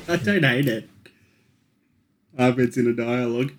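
Male co-host, average pitch, playful casual banter. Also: slow, slight background noise. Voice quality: joking, laughing side comments. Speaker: podcast co-host. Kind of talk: casual chat.

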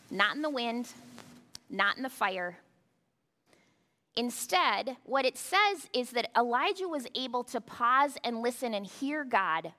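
A woman pastor delivers a sermon in a conversational way, tossing rhetorical asides to the congregation. Her voice is a little high, pushed and bright, and the recording carries a long hall reverb.

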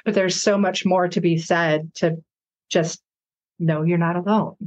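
A woman hosting an interview, chatty and affirming, quick to laugh along with her guest. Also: on the low side, steady tone, a little mellow. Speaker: podcast host. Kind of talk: conversational interview. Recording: dull lo-fi sound.

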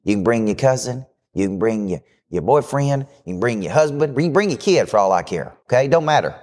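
A man hosting a live business show as a coach, giving a brash, fast-talking motivational pitch. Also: animated, a little mellow. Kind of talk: live podcast talk. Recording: hall reverb.

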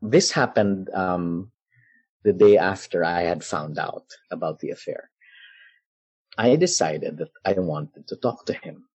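A man recounting a personal episode in an unhurried, deliberate way, leaning into the drama of the moment. His voice is low and a bit husky, each phrase given room. The sound is close and dry, with no room around it. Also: no echo. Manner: measured, dramatic retelling with pauses and soft laughs. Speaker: guest storyteller. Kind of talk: personal storytelling in conversation.

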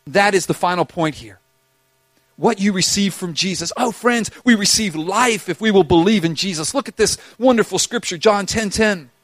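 Male pastor preaching, fairly high voice, dry close sound, swings from loud pleading to near-whisper. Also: moderate pace, no echo. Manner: impassioned, swings between loud urging and hushed intensity. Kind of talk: sermon.

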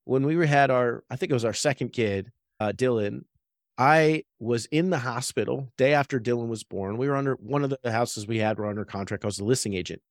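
A man's voice: medium pitch, a little fast, no room sound. Man, thirties, podcast co-host. Earnest, conversational storyteller, mid-range voice, dry close-mic sound. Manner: earnest storytelling, frequent "right?" tags. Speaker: real estate agent and podcast co-host. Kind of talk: casual faith-based business podcast chat.

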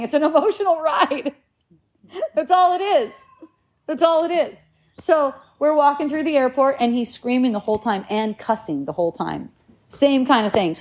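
A woman in her forties telling a story casually, animated, laughing often and restarting her sentences. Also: sits high. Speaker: parent sharing a story.

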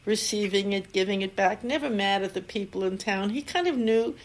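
A woman's voice: mid-range voice, brisk. An older woman, a Zen teacher, giving a dharma talk with anecdotes and frequent laughter. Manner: warm storytelling, laughs often.

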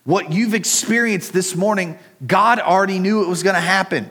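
A man's voice: high-pitched, moderate pace, fairly bright tone. A middle-aged man preaching a sermon in a conversational way, telling a personal story and speaking straight to the congregation. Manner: conversational, personal storytelling, addresses listeners directly. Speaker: pastor.

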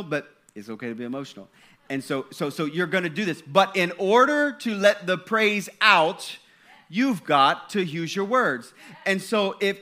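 A man's voice: a little high, pushed and bright. A man preaching a sermon in a conversational style, stumbling and restarting, then building to fervent passages. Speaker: pastor.

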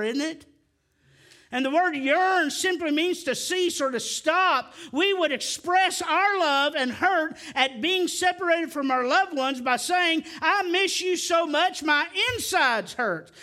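Male preacher, middle-aged, bright and piercing, surging to near shouts then dropping low. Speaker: pastor. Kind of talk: sermon.

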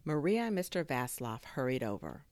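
A woman reading a children's chapter book aloud, expressive and full of sound effects. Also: very deep voice, normal speed, dry recording. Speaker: story reader.

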